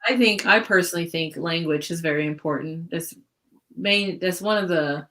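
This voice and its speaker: Woman, slightly low voice, casual book club chat, hesitant, video call. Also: normal speed, fairly bright tone. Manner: hesitant, searching for words, laughs often.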